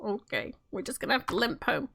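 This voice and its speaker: Bright-voiced Manchester woman, chatty and sweary. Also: on the high side, lively intonation, fairly quick, vocal fry. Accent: Northern English, Manchester area. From England, near Manchester. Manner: chatty, swears freely, frequent restarts. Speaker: game streamer and role-player. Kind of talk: casual chat while playing a game.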